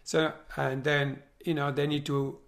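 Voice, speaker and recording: A man's voice: on the high side, unhurried, vocal fry. A man eagerly retelling a film scene in conversation, acting out the parts and asking rhetorical questions. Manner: animated, acts out scenes, many rhetorical questions.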